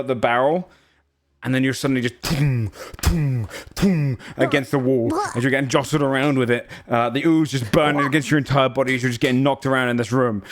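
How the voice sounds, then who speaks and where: A man narrating as game master in a tabletop game, rambling and hesitant with many fillers. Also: mid-range voice.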